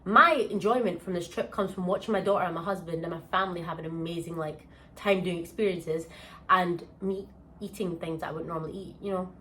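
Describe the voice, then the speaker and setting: A young woman from the UK, telling a holiday story in a casual vlog, animated and exclamatory with plenty of slang. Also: on the low side, fairly quick, rough recording. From United Kingdom. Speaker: vlogger. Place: holiday villa.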